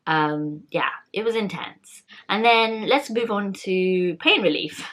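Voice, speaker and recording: A woman's voice: medium pitch, lively intonation, takes it slowly, fairly bright tone. A young woman vlogger in casual chat, talking candidly and rambling with many fillers and restarts.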